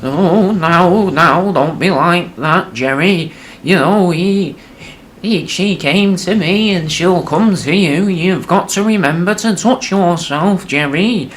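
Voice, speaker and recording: A man voicing a dithering, very old father who talks slowly and insistently in a quavering voice. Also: high-pitched, a bit bright, a little hiss or hum, voice pushed up.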